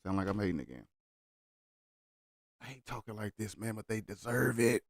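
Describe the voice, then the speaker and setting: Blunt low-voiced man ranting. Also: expressive, normal speed, no room sound, studio quality. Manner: blunt, heated, argumentative. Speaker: reaction video host. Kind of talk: casual reaction commentary.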